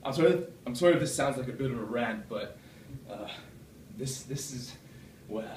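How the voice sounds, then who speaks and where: A man's voice: a little mellow, slight background noise. A man giving a rambling, self-deprecating club speech full of fillers and restarts, recorded from across a meeting room. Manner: puts on a deeper voice from the chest. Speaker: club speaker. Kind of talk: prepared speech. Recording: echoey room from far off.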